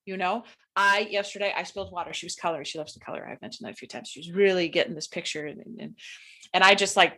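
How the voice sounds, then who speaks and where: A woman's voice: lowish voice, quick pace, fairly bright tone. A woman co-hosting a casual podcast chat, talking in an earnest, reflective way and often trailing off mid-thought. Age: adult with a young daughter. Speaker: podcast co-host.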